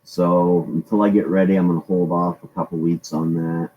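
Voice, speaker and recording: A man's voice: deep voice, little pitch movement, moderate pace, lo-fi sound, slight background noise. A man hosting a casual live-stream chat, rambling along and greeting his viewers by name.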